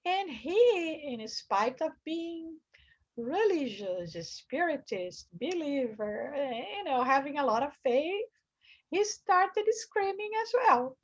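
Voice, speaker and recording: Slow, high-voiced woman teaching a study class. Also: lively intonation, lo-fi sound. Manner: earnest, acts out quoted screams with high bursts.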